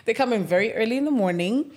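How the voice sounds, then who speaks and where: Animated young Kenyan woman telling a story. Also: on the high side, fast. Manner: animated storyteller, swears freely, mixes in Swahili. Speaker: podcast co-host. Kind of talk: casual chat.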